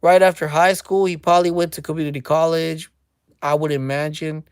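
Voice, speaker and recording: A woman's voice: deep voice, little pitch movement, fairly quick, darkish tone, clean tone, no echo, clean studio sound. A woman hosting a casual commentary rant, mocking and speculative, repeating her phrases for emphasis. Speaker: commentary channel host.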